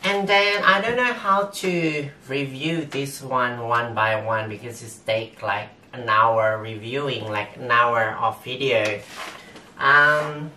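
A man with a non-native English accent, talking through an unboxing haul as a vlogger in halting, hesitant English full of fillers. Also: medium pitch, sharp tone. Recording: roomy echo, distant mic, faint noise.

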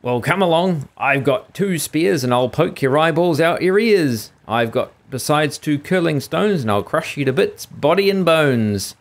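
A man voicing the big billy goat, with an ugly hoarse voice, boasting and threatening. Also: a little high, lively intonation, unhurried, few pauses, voice pushed up. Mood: defiant.

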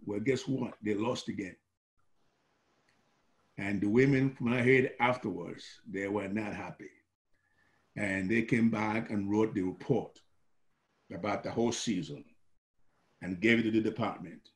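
An older man from Malawi, telling his coaching history in an oral history interview, animated and acting out the dialogue he recalls. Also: lowish voice, measured pace, long pauses. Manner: animated, acts out quoted dialogue.

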